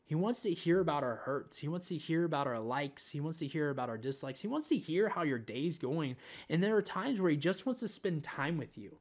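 A man telling a spiritual vision as a casual testimony, relaxed and conversational, with frequent fillers and restarts. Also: fairly high pitch, a little fast, few pauses. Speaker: Christian speaker sharing a spiritual vision.

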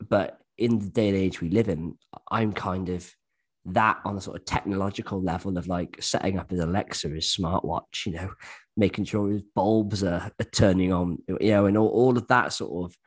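A man's voice: deep voice, steady tone, moderate pace, husky. A man co-hosting a podcast in casual chat, who often slips into mimicking other people's voices. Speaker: podcast co-host.

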